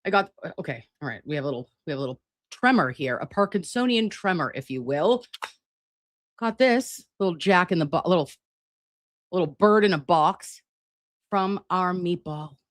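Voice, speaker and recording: Woman streamer at home, low-pitched, dry close sound, rambling, swearing and affectionate with her audience. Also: lively intonation, moderate pace, dry recording. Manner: chatty, profane, playful, calls viewers lovies and babes. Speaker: livestream host. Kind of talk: casual livestream chat. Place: home, at a laptop with air conditioning running. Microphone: laptop setup.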